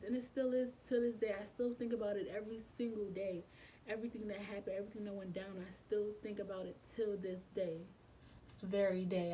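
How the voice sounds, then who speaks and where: A young woman talks straight to her audience in a storytime vlog. Her voice sits at an ordinary middle pitch, and her subdued, emotional delivery stays candid and full of slang and swearing. A faint hiss runs underneath. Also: warm tone, rough recording. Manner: candid, slangy and profane, with repetitive phrasing. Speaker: vlogger.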